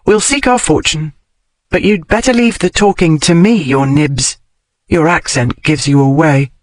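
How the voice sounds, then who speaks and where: A man reading a storybook voices a clever, bossy young girl who talks briskly. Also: on the high side, dry recording, lightly acted.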